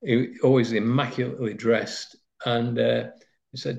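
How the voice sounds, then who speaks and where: A Nottinghamshire man, speaking at a measured pace in a medium-pitched, darkish voice that's steady and fried, recounts his footballing days. The interview is rambling and anecdotal, laden with fillers, and has a slightly dull lo-fi recording.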